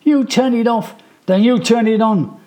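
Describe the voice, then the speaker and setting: A man voicing a frightened young boy who shouts in a high, panicky voice. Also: a little slow. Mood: scared shouting.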